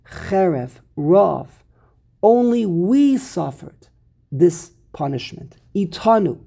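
A man's voice: high voice, gravelly, mellow, slightly rough. A man teaching a Torah text class, explaining verses emphatically and repeating words for stress. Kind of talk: Talmudic-style text study class.

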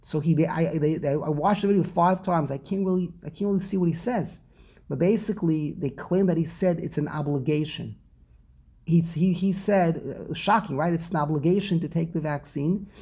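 Give me a high, gravelly, husky man teaching a religious text class. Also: normal speed, warm tone. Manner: rambling, repeats words and restarts often.

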